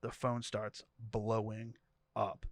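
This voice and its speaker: A man co-hosting a podcast, retelling a wild story in an animated, comedic way. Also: lowish voice, takes it slowly, dry recording, studio quality. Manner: animated storytelling, voicing each character. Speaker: podcast co-host. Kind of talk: comedic dramatic reading of a story.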